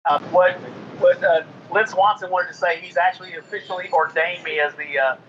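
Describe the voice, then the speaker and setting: A man's voice: high-pitched, fairly even intonation, fairly quick, fairly bright tone, slight background noise. A man speaking to a crowd at an outdoor rally, rousing and folksy with frequent fillers. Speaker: rally speaker, Marine veteran. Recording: dull outdoor camera audio.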